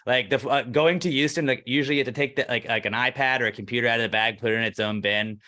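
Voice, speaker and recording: Podcast co-host, man, bright forceful voice, ranty storyteller who acts out every line. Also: mid-range voice, racing. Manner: ranting, acts out quoted dialogue, swears freely. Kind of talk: casual storytelling chat.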